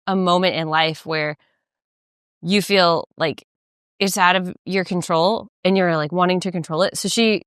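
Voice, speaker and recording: Lowish, a bit bright, and clean in tone, a woman co-host chats casually on a podcast, meandering through a story full of fillers as she walks by a lake outdoors. The sound is clean studio quality, with no echo.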